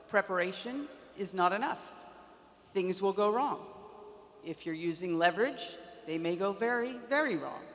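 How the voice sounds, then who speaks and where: Wry woman speaking in a reverberant arena. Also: medium pitch. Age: around 60. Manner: measured, wry storytelling with dry humor. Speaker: commencement keynote speaker. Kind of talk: prepared commencement speech. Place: large indoor arena.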